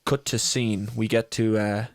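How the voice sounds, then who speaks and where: A young man on a podcast telling a funny story in casual chat, animated and swearing freely, often breaking into laughter. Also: fairly low pitch, unhurried, dry recording, studio quality. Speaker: podcast co-host.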